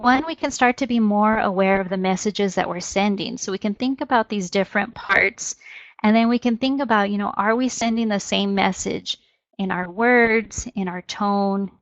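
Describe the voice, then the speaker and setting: A woman's voice: medium pitch, moderate pace, dry recording. A woman presenting an educational webinar. She explains steadily and opens many sentences with "so". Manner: explanatory, steady, frequent "so" as a lead-in. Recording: dull, dry webinar audio.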